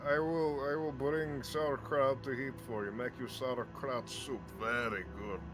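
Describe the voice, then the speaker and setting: A man voicing Boswell, an old male hermit with a put-on old-world accent, slow and reminiscing. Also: medium pitch, steady tone, over music, voice pushed up, natural voice. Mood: hospitable.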